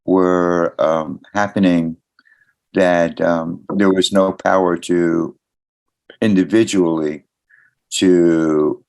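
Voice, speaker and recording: A man from the audience sharing his thoughts haltingly, with many pauses and fillers. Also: deep voice, fairly even intonation, creaky, darkish tone, smooth, rough recording.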